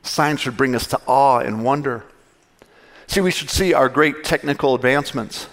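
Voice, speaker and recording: A man's voice: mid-range voice, normal speed, a bit bright. A male pastor giving a conversational sermon, acting out little dialogues with God.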